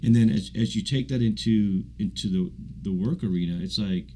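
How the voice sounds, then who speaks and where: A man with a very low, mellow voice, speaking as a guest in a relaxed, slangy style. His tone stays soft and unforced. Faint hiss is heard under him. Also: normal speed. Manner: laid-back, slangy, says man and bro. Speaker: guest, tech sales professional. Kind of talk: casual conversational interview.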